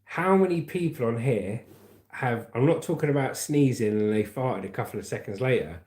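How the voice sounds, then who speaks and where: A man's voice: mid-range voice, lively intonation, normal speed, darkish tone. A man hosting a casual livestream, rambling as he reads out viewer comments and calls them mate and brother. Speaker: livestream host reading chat. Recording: roomy echoey room.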